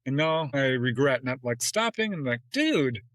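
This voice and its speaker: A podcast guest tells stories in a relaxed interview, acting out dialogue, jumping up in pitch when he quotes, and laughing often between phrases. His voice sits in a middle register, and he keeps a moderate pace. The recording is close, dry, and rough, with no room sound.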